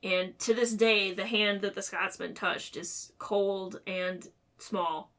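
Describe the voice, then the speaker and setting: A young adult woman co-hosting a podcast, retelling a story in an animated way and playfully quoting the characters. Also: medium pitch, slow pace. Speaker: podcast co-host. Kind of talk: casual book discussion.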